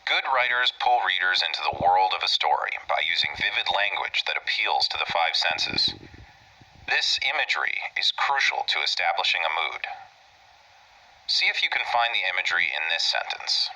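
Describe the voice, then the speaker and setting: A man narrating a recorded lesson, calmly asking questions and reading example sentences aloud. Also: low-pitched, moderate pace, rough recording. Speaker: teacher.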